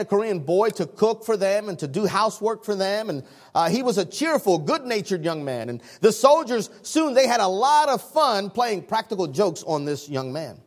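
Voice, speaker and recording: A man preaching a sermon, lively and conversational, laughing often and acting out people's reactions. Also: sits high. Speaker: pastor.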